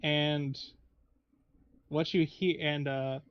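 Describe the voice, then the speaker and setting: Gm guy narrating a tabletop game, slightly high voice, dull lo-fi sound, meanders a lot. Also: little pitch movement, drawn-out words, clear, resonant tone, no room sound. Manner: meandering, hesitant, frequent restarts. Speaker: game master.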